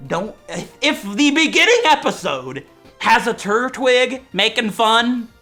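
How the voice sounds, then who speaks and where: A man hosting a Let's Play at home, joking loudly and often breaking into shouts over the gameplay. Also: sits high. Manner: loud, jokey, swings into shouting. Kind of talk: excitable gameplay commentary.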